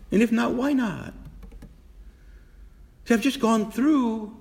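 A male Catholic priest giving an animated sermon, asking his congregation many questions and shifting between loud outbursts and hushed whispers. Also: very high-pitched, slow, vocal fry, in a large hall. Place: church.

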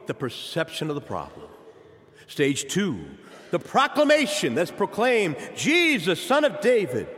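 A man preaching a sermon, addressing the congregation directly with impassioned delivery. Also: fairly high pitch. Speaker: pastor. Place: church sanctuary. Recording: long church reverb.

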